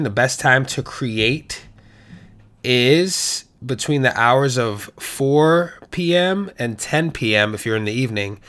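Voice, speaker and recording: A man's voice: mid-range voice, a bit bright, no room sound. Male podcast host, mid-range voice, rambling and profane, dead-dry studio sound. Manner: loose, profane, rambling with playful asides. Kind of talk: casual solo podcast monologue.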